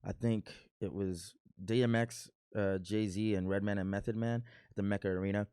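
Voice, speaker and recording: A man's voice: on the low side, steady tone, moderate pace, warm tone, clean tone, no echo, clean studio sound. A man in his thirties from Milwaukee, casually reacting to his old video in a playful, boastful, rambling way. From Milwaukee, USA. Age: 30s.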